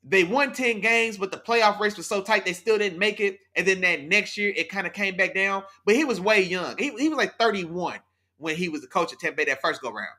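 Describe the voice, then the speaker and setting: A man hosting a casual live sports talk stream, reading out the chat with animated, slangy hype and lots of "man" and "big dog". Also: high-pitched. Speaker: sports talk show host.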